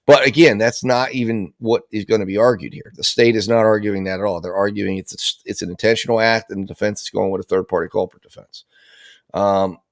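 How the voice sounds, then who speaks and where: A man's voice: fairly low pitch, fairly even intonation, a little fast, dry recording, studio quality. A man giving casual, rambling commentary on a criminal trial, with lots of restarts and repeated words.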